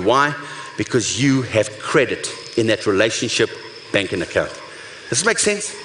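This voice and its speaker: A man's voice: on the low side, a bit bright, roomy sound, a little hiss or hum. Male humorist, keynote stage talk, acts out quotes between punchlines. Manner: storytelling with punchlines, acted-out quotes. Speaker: speaker. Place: stage before a live audience.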